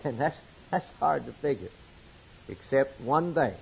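Preacher guy giving a sermon, kinda husky voice, goes loud then drops real quiet. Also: mid-range voice, animated, a little slow, rough recording. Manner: emphatic preaching, swinging from loud declarations to quiet asides.

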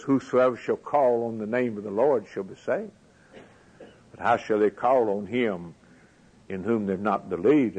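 Husky-voiced male preacher. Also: lowish voice, darkish tone, low-quality recording. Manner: rising emphatic preaching cadence, rhetorical questions. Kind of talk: sermon.

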